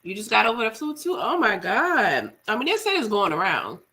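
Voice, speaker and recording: Young woman, sick with flu, hoarse, congested, bright edge, chatting to a live stream while eating. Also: medium pitch, wildly swooping pitch, a little fast. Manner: talks while eating, slangy, laughing asides. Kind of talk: casual live-stream chat with viewers.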